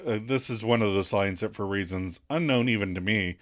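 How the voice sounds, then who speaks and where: A man co-hosting a podcast, recapping an episode in casual chat, laughing often and getting animated when he quotes lines. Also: on the low side, a little fast. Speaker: podcast co-host.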